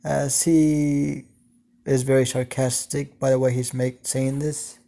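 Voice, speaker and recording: A man narrating an improvised fan story, slow and halting with many ums and casual swearing. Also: medium pitch, flat delivery, gravelly, dark tone.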